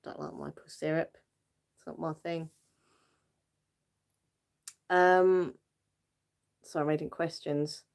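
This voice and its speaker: A woman's voice: low-pitched, fairly even intonation, slow pace, gravelly, pauses often, darkish tone, smooth. A British woman hosting a casual livestream, chatting with viewers in a giggly way and using lots of fillers. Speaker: livestream host. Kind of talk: casual live chat with viewers.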